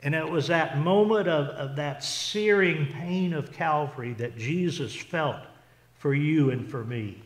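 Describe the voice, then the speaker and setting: A man preaching a sermon as pastor, earnest and unhurried, often restarting and repeating words as he goes. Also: a little high. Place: church sanctuary. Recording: echoey church hall.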